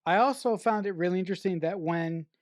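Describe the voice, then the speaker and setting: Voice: medium pitch, fast, no room sound, clean studio sound. Podcast co-host eagerly praising directing choices. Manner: enthusiastic, analytical praise of directing choices, emphatic. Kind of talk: casual film review chat.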